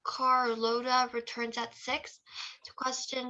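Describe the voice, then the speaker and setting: Hesitant high-voiced student, dull audio. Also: female voice, little pitch movement, slow, bright, forceful tone. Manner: hesitant, unsure. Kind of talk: reading aloud in class.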